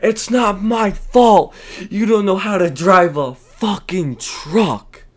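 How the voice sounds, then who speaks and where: Brief: man impersonating an enraged woman driver, shrill, shouting, itching for a fight. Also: slow pace. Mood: furious yelling. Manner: screaming, swearing, hostile. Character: shrieking angry woman driver, ready to fight.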